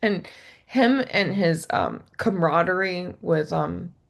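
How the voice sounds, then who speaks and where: Slow, gravelly woman chatting casually. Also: fairly low pitch. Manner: giggly, animated storytelling. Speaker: podcast guest. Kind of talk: casual chat.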